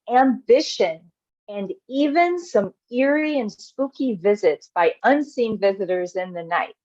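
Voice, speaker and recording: A woman's voice: a little high, a little mellow, no room sound, highs cut off. A woman from the United States with a Southern American accent, giving a friendly, explanatory slide presentation as a volunteer presenter.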